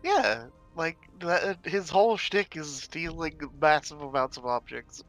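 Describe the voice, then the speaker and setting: A man playing a tabletop game over voice chat, talking haltingly with many fillers and restarts. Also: fairly high pitch, animated, a bit bright, soft background music.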